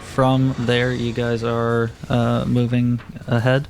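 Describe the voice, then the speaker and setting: A man's voice: medium pitch, completely flat delivery, slow, gravelly, over music. Man running a tabletop game. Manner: casual, with many fillers. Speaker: game master.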